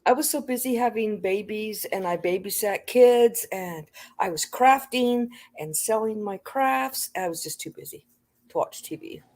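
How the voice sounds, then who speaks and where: A woman's voice: medium pitch, a little slow, darkish tone. A middle-aged woman chatting plainly as a guest on a casual livestream. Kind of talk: casual chat.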